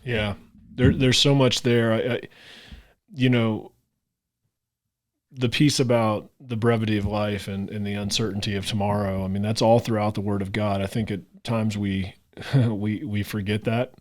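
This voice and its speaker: Male podcast host, low-pitched, heartfelt and grateful, stammers through restarts. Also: flat delivery, moderate pace. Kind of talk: casual interview chat.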